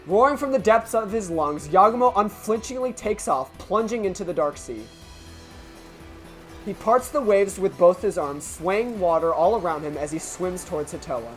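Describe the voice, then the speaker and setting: Hoarse game dub narrator. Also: mid-range voice, lively intonation, normal speed, soft background music. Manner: casual, swearing commentary. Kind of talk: video game playthrough narration.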